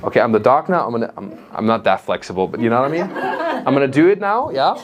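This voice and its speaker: A man's voice: mid-range voice, big pitch swings, fast talker, lo-fi sound. A man with a German accent doing stand-up crowd work, brash and teasing, often laughing at his own jokes. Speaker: stand-up comedian. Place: comedy club stage with audience.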